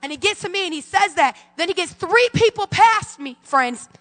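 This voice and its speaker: A woman's voice: very high-pitched, animated, normal speed, fairly bright tone, long reverb tail. A woman in her forties preaching a fervent sermon as pastor, calling out to her congregation in a church sanctuary. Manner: fervent preaching with call-and-response.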